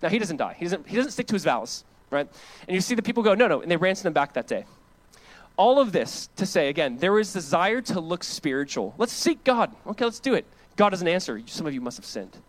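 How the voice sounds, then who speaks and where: A man's voice: sits high, brisk. A young adult man, a pastor, preaching a sermon. He reads scripture and retells it in casual words, and laughs between his points. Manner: animated, reads scripture aloud and paraphrases it casually.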